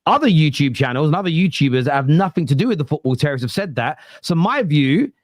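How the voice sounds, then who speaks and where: A man hosting a football podcast, cutting in forcefully and swearing while he argues his point. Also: fairly high pitch, animated, fast, no room sound. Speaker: podcast host. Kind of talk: heated football podcast debate.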